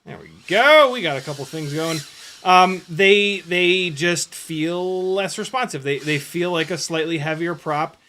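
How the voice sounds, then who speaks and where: A man live-streaming indoor drone flights, commenting excitedly and answering chat questions, exclaiming and swearing at crashes. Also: fairly high pitch, unhurried, slight background noise. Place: house, indoors.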